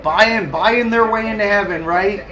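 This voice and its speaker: A man's voice: high voice, unhurried, bright, forceful tone, soft background music, low-quality recording. A man on a live stream, chatting casually and ranting with heavy swearing and frequent laughs. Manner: profane, ranting, laughs often. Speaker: livestreamer.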